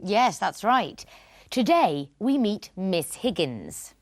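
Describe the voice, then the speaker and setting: Lively teacherly woman presenter. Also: mid-range voice, takes it slowly, dry recording, clean studio sound. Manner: clear teacherly delivery, switches into Spanish glosses. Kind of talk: scripted bilingual English lesson.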